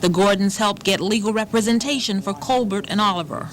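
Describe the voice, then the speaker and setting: A woman narrating a public television documentary in a measured, formal reading. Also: mid-range voice, low-quality recording. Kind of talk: scripted narration.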